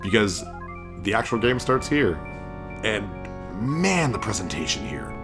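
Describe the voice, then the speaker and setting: Let's-play host, male, low-ish voice, very animated and excitable. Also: a little slow. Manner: excited, chatty, laughs often. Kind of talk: gameplay commentary. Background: game music.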